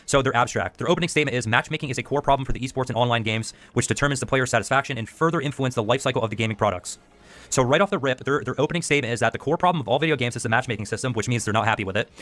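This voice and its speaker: A man's voice: medium pitch, a bit bright. A man hosting a video essay, reading passages aloud and commenting on them, often tacking on "okay?". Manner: reads excerpts aloud and comments, tacks on "okay?". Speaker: host.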